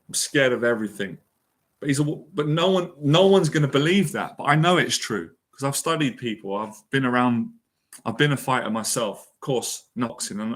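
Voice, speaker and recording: A man giving a motivational talk as an anxiety and confidence mentor, earnest and emotional, repeating phrases for emphasis. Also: medium pitch. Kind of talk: motivational monologue.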